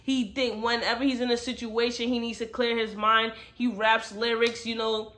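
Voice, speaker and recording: A woman talks through a book she loved in a loose, chatty retelling, peppered with slang and quick asides to the viewer. Her voice is bright and forward, with a clear edge to it. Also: a little high, flat delivery. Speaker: book reviewer. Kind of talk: casual book review recap.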